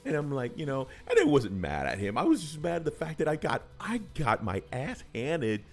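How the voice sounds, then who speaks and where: Sarcastic male co-host, hugely expressive pitch, faint background music. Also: normal speed. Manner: sarcastic, exaggerated retelling with big swings in pitch. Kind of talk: casual chat about tabletop gaming.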